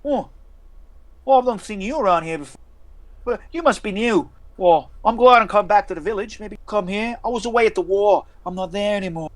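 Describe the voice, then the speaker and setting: A man's voice: high voice, a little fast, pitched above the performer's own voice, close to an everyday voice. A man voicing a friendly, rambling old villager back from the war. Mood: chatty.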